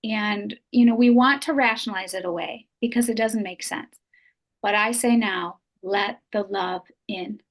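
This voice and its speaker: A woman's voice: on the high side, moderate pace. A middle-aged woman, a podcast guest, telling an emotional personal story in an earnest, heartfelt way and repeating phrases for emphasis.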